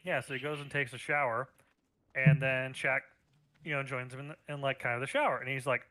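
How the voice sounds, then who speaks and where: A man's voice: medium pitch, steady tone, fairly quick, sharp tone. A man in casual stream chat, retelling a joke in a rambling, profane way.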